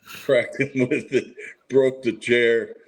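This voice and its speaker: A man's voice: mid-range voice, level tone, takes it slowly, rough recording. A man telling an old story in an easygoing, laid-back way during a casual chat.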